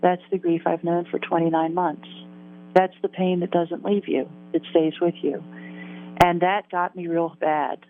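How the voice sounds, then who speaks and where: A woman's voice: on the low side, steady tone, unhurried. A woman in her sixties, an interview guest, tells a personal story in an earnest, vivid way, repeating phrases for emphasis. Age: 60s. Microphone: telephone. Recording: tinny phone line.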